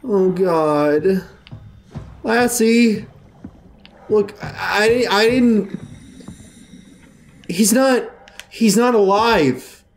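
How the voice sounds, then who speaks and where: A let's play gamer with a high-pitched voice gives casual gameplay commentary, drawing out his words and pausing often. He reacts with big emotional swings and talks to the on-screen characters, with slight background noise.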